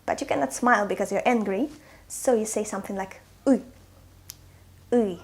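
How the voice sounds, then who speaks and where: A young woman giving a pronunciation lesson, sounding out each example clearly and repeating it. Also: mid-range voice, quick pace. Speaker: language teacher.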